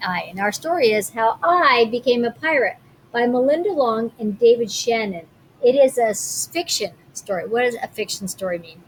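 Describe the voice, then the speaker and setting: A woman's voice: a little high, fairly bright tone, a little hiss or hum. A woman teacher reading a picture book aloud to children, with friendly, chatty asides.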